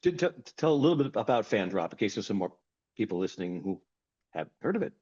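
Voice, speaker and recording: Man asking quick interview questions. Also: lowish voice, sing-song, darkish tone, lo-fi sound. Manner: quick, stumbling lead-ins to questions. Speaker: radio interview host.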